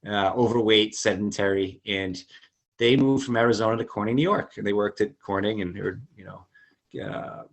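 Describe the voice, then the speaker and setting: Low-voiced man telling a story. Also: moderate pace. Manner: animated retelling, jumps into quoted voices; many fillers and restarts. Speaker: podcast guest. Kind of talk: casual storytelling.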